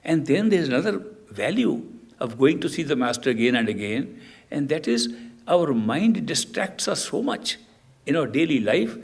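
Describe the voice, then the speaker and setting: A man's voice: fairly high pitch, gravelly, breathy edge. A man from India, a spiritual teacher patiently explaining a point in a discourse. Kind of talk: spiritual discourse answering a question.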